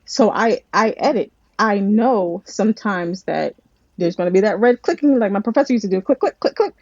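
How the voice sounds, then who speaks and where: Animated woman screenwriter in a dry, dull recording. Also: medium pitch, moderate pace, no echo. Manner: animated storytelling, many restarts. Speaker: screenwriter and script supervisor. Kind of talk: casual interview chat.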